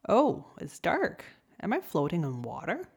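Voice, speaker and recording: A woman's voice: fairly low pitch, huge pitch swings, a little slow, creaky, breathy edge, exaggerated voice. A woman voicing a grumpy, despairing male lobster in a storybook tale, with exasperated, whiny outbursts. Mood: bewildered.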